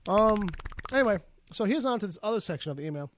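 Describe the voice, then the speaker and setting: A man's voice: sits high, lively intonation, fast, slight background noise. A man hosting a podcast in casual chat, rambling and profane, leaning on "like" as a filler. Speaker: podcast host.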